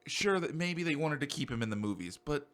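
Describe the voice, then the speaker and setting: A young man co-hosting a podcast in casual chat, rambling excitably and swearing freely. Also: fairly high pitch, a little fast. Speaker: podcast co-host.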